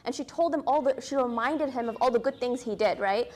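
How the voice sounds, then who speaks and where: A woman's voice: fairly high pitch, fairly quick, hardly any pauses, a little mellow. A young adult woman teaching an Islamic studies class in a casual, storytelling way, often asking "right?" and using many fillers.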